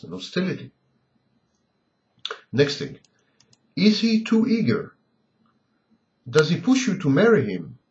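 A man's voice: mid-range voice, a little mellow. Guy lecturing through question after question, voice swings up and down a lot, kinda dull lo-fi sound. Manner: asks a long string of pointed rhetorical questions. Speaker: lecturer on abusive relationships. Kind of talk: scripted lecture monologue. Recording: dull lo-fi recording.

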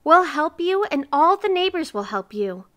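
A woman's voice: medium pitch, animated, a little slow, a bit bright. A woman voicing kindly, bossy neighbor women who talk in a coaxing, cheerful way.

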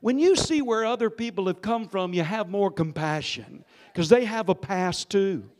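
Speaking at a moderate pace in a high, expressive voice, a sixty-something pastor delivers a sermon in a church sanctuary. The story lurches between hushed and loud moments, and the pastor calls for the congregation's response.

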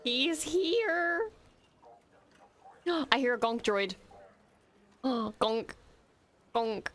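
A young woman streamer reacting to an episode, talking quietly and gushing with excitement, with plenty of swearing. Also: sits high, extremely slow. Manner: hushed, gushing and swearing freely.

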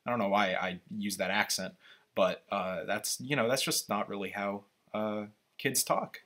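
A man with a bright, forward voice pitched a little low talks through a movie trailer. His commentary is casual and opinionated, full of halting restarts and fillers as he rambles through his thoughts. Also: steady tone.

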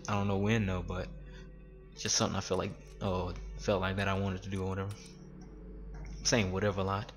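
A man's voice: low voice, little pitch movement, fairly quick, pauses often, music in the background. A man in his twenties ranting with heavy swearing while commenting on his gameplay. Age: 20s. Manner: profane, exasperated ranting. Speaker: gaming streamer.

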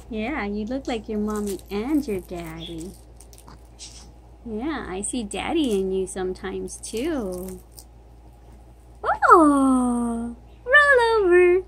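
A woman's voice: mid-range voice, slight background noise. A middle-aged woman vlogger talking baby talk to an infant at home, cooing and sing-song, recorded on a phone. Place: home, indoors.

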